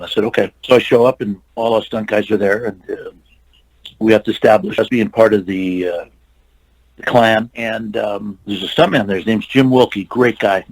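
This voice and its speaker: Older guy with a gravelly husky voice, rambling through stunt stories, lots of restarts. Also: on the low side, normal speed, poor audio. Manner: rambling anecdotes with restarts and quoted dialogue. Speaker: interview guest, stuntman and actor. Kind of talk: casual storytelling.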